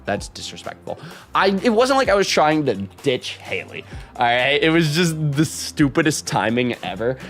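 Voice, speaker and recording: A man's voice: medium pitch, a bit bright. A man chatting casually with his live stream viewers, rambling, reading chat aloud and laughing often.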